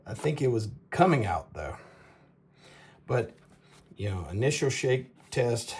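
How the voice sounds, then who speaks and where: Brief: male host, unhurried and gravelly, casual rambling product reviewer. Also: fairly low pitch, a little mellow, slight background noise. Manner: rambling, halting, stumbles over names with laughs. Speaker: knife reviewer, show host.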